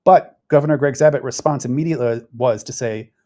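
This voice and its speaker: With a mellow, mid-range voice and a brisk pace, this man offers loose, rambling political commentary. He keeps restarting his sentences and fills gaps conversationally.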